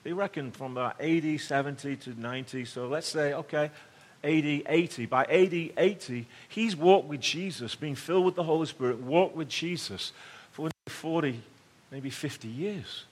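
A middle-aged pastor with a fairly high voice preaches a storytelling sermon at normal speed in a conversational way. He swings between loud emphasis and hushed tones.

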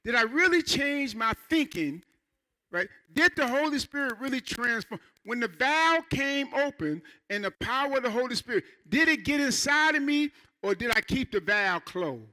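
Male pastor, high voice, very bright tone; lively sermon delivery with playful asides. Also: moderate pace. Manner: animated preaching with playful asides and acted quotes. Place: church.

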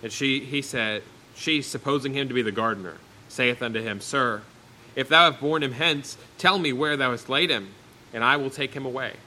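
A man's voice: mid-range voice, normal speed, sharp tone, a little hiss or hum, low-quality recording. A man preaching a sermon, reading Bible verses aloud and then explaining them in plain, everyday words.

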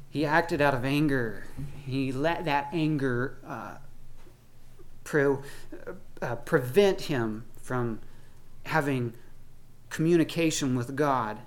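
Slow-talking pastor giving a casual sermon. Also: male voice, medium pitch. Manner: conversational, acts out voices of people in the stories.

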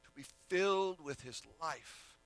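A man's voice: on the high side, unhurried, fairly bright tone. A male preacher giving a sermon in a casual way, with rambling asides and self-corrections.

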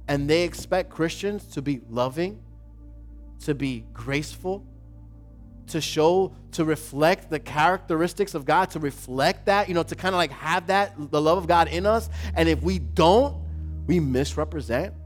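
A man preaching a sermon as pastor, repeating his phrases and building to loud emphatic questions. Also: on the high side.

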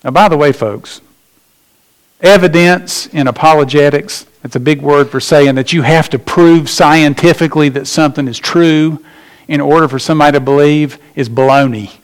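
A man preaching a sermon as pastor, emphatic, slowing down and rising in pitch to stress his points.

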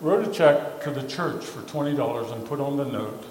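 A male pastor telling a story in a casual, halting sermon full of fillers and repeated words. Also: medium pitch, lively intonation, a little mellow, slight background noise. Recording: echoey hall with faint ambience.

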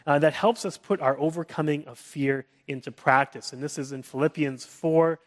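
A man in his thirties preaching an earnest sermon, often restarting his phrases and dropping to a soft hush for comforting words. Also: on the high side, normal speed. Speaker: pastor.

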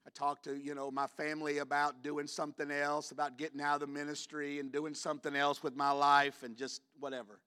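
Man preaching in church, bright voice, slightly high, hushed then shouting. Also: little pitch movement, fairly quick, hardly any pauses, smooth. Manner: shifts from hushed storytelling to shouted climaxes. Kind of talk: sermon.

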